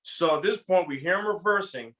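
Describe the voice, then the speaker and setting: Man, casual storyteller, animated, acts out quotes, slightly high, bright voice. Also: brisk. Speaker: podcast co-host telling a story.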